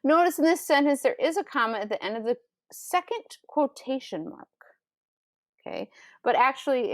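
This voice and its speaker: A woman teacher giving a recorded remote writing lesson, patiently explaining step by step and reading example sentences aloud with pronounced pauses. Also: mid-range voice, no echo, studio quality. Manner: patient, explains step by step, calls students scholars and friends.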